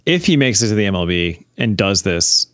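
A man's voice: on the low side, sing-song, a little fast, fairly bright tone, dry recording, studio quality. A man on a sports talk panel with an easygoing, agreeable manner.

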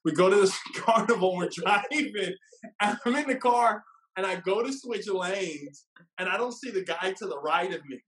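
Man, casual storyteller, animated, acts out quotes, high voice, roomy echo. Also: normal speed. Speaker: guest telling his love story.

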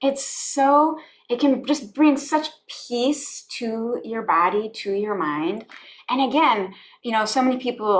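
A woman with a fairly high voice, talking earnestly and from the heart. She often circles back and repeats her phrases as she chats on a podcast. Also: expressive, unhurried. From United States. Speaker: guest, spiritual life coach. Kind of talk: conversational podcast interview.

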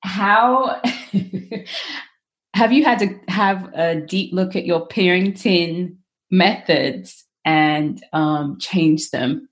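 Woman host chatting with a guest, lowish voice, laughs a lot. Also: drawn-out words. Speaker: interviewer. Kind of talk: casual chat.

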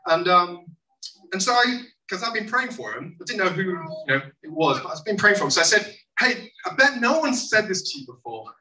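A preacher telling a story to a congregation in a lively sermon style, acting out the people in it. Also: mid-range voice, brisk. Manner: animated, acts out quoted voices. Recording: echoey room, mic at a distance, faint noise.

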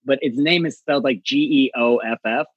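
A male comedian telling a story in casual chat, animated and acting out voices with big jumps in pitch. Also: brisk, slightly rough, dry recording, lo-fi sound.

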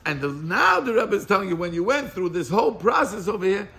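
Animated man teaching a small class. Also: sits high, fairly quick, vocal fry. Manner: animated, questioning the group, mixes in Hebrew and Yiddish terms. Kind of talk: informal Torah class.

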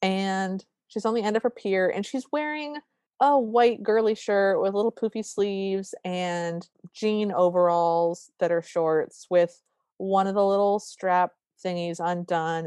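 A woman's voice: medium pitch, fairly even intonation, a little slow, warm tone, smooth, no echo, studio quality. A woman co-hosting a podcast, casually recapping a movie scene by scene and acting out the characters' lines. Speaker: podcast co-host.

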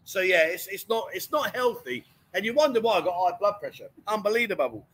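Hosting a livestream from indoors in a bookshop, a man reads viewer comments aloud and ribs his co-hosts with playful banter, frequently saying "unbelievable." His somewhat high, fairly bright voice is lively and fairly quick, and the sound is slightly rough.

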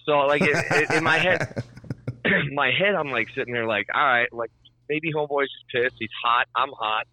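A man's voice: mid-range voice, moderate pace, sharp tone, dry recording, low-quality recording. A young man telling a story in casual chat, swearing freely and acting out both sides of the conversation. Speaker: storyteller on a podcast.

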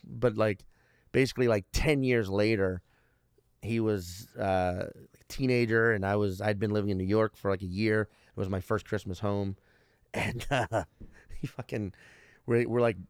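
A man's voice: on the low side, steady tone, normal speed, smooth, no echo. A man in his thirties, a stand-up comedian, telling stories in casual talk with lots of swearing and restarts. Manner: profane, rambling, restarts often. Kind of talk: casual podcast storytelling.

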